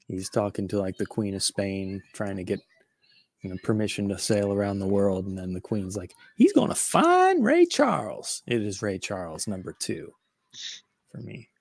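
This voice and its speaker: A man on a casual group podcast, telling stories in an animated way. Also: fairly low pitch, no echo.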